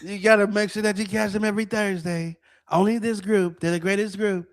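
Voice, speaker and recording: A man putting on a boastful, rambling president impression, pitched high above his normal voice. The bragging is crude and meanders from one point to the next. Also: level tone, brisk.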